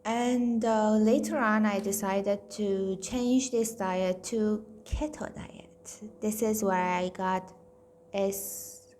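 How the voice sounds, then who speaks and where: A woman's voice: mid-range voice, steady tone, slow, a little mellow, a little hiss or hum. Blunt, opinionated woman vlogger. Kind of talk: casual talk to camera.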